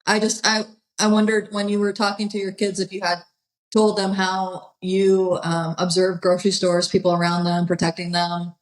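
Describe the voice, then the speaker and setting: A woman hosting an interview, offering short affirmations and asking gentle follow-up questions. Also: on the low side, monotone, normal speed, rough recording. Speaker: podcast host. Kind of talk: interviewing, casual chat.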